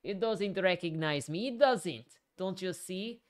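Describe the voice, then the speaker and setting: A woman voicing a hysterical young female secretary, shrill, tearful and frantic, in a storybook reading. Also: measured pace, smooth, close to an everyday voice. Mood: distraught.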